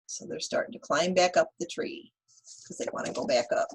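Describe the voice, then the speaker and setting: A woman teacher reading a picture book aloud to young children, animated and asking them questions. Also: lowish voice, a little fast, husky, poor audio. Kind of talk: children's read-aloud lesson.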